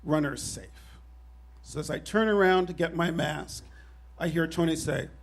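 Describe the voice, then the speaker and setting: A man in his fifties telling a personal story on stage at a live show, animated and wry with self-deprecating humor. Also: on the high side, measured pace.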